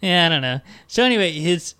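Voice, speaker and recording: A man's voice: fairly high pitch, expressive, a little fast, pushed and bright, clear, resonant tone, dry recording. A man in his thirties hosting a podcast, ranting and cursing casually while reading passages from a book aloud. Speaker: podcast host. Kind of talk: casual comedic book discussion.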